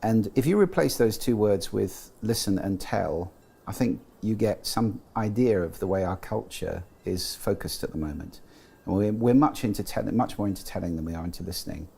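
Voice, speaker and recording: Gravelly, husky British man explaining. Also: fairly low pitch, normal speed, mellow. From Britain. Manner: thoughtful, explanatory, with frequent restarts and "you know". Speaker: guest, sound and speech expert. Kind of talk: interview conversation.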